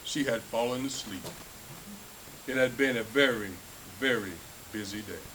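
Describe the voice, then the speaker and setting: A man's voice: medium pitch, unhurried, noisy background. A man reading a children's picture book aloud at a school festival, playing up the animal noises.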